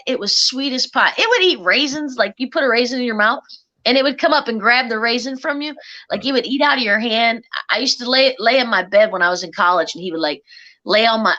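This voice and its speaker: Middle-aged woman spinning a story, bright sharp voice, teasing and laughing a lot. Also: fairly high pitch, dull audio. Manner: animated, teasing, laughs often. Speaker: guest. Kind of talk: casual storytelling chat.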